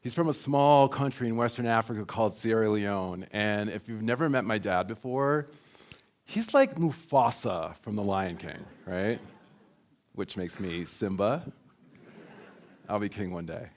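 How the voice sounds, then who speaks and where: A man giving a motivational keynote, telling a personal story in a lively way and acting out quoted lines. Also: on the low side, unhurried. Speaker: keynote speaker.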